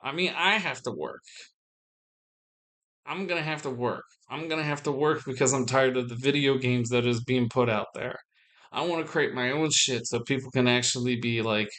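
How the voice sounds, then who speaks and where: A man's voice: medium pitch, normal speed, fairly bright tone. A young man talking to his viewers in a rambling, casual monologue, full of restarts and the odd swear word. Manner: meandering, frequent restarts and swearing. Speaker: vlogger.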